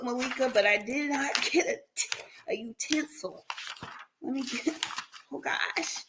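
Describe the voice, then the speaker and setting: A woman's voice: fairly high pitch, normal speed, long pauses, bright, forceful tone, a little hiss or hum. A woman hosting a counseling practice's livestream, chatting casually with viewers, laughing often and calling them by name.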